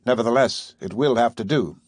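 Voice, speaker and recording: A man's voice: medium pitch, husky, no room sound, lightly acted. A man voicing a stern, secretive male submarine captain who speaks coldly and formally, in an audiobook reading. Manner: measured, commanding, coldly formal.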